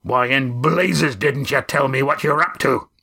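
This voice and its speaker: A man reading a storybook, voicing a gruff, booming middle-aged boat skipper who barks his demands. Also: unhurried, sharp tone, heavily acted. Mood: demanding.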